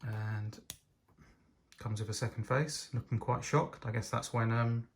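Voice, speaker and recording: A man's voice: medium pitch, steady tone, measured pace, gravelly, slight background noise. A man giving a casual, enthusiastic toy set review, talking with frequent hesitations and ums. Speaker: LEGO reviewer.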